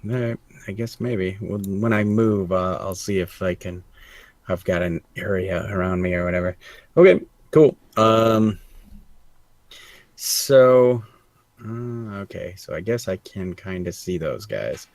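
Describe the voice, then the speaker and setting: A man playing a tabletop game, talking casually in a laid-back, halting way. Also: sits low, lively intonation, a little mellow, no room sound. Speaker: player.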